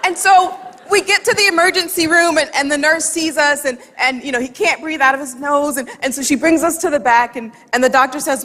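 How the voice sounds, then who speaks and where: Woman telling a lively story in a reverberant hall. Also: high voice, moderate pace. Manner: lively, humorous storytelling with quoted dialogue. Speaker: speaker. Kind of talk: storytelling talk. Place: large hall with audience.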